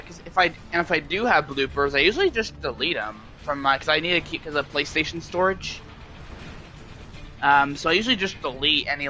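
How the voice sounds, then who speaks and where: A man streams a game and chats casually with viewers, rambling and often restarting his sentences. His voice is fairly high, bright, and forceful.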